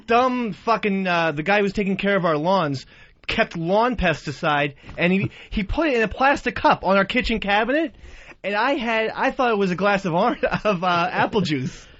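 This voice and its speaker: High-pitched radio regular guy, rambling and laughing at himself, muffled sound. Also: animated, fairly bright tone. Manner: self-deprecating, rambling, halting. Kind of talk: casual radio banter. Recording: dull radio studio sound.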